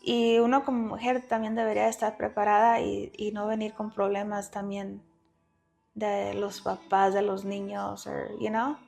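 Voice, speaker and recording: A woman's voice: mid-range voice, little pitch movement, moderate pace, creaky, a little mellow, soft background music. A woman talking frankly and profanely as a guest, telling a personal story with Spanish phrases mixed in.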